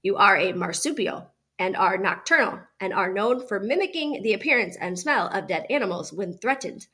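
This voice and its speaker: A gentle female robot who speaks in stiff, overly formal sentences, as a woman reading a storybook puts her on. Her wording is careful and precise, with a slightly lowered pitch. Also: lively intonation, moderate pace, breathy edge. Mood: stilted. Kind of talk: read-aloud storybook.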